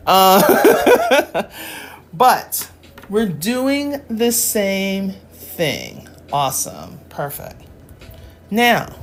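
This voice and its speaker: A woman's voice: fairly low pitch, slight background noise. A woman in her forties tutoring math in a casual live-stream lesson, chatty and joking, laughing often.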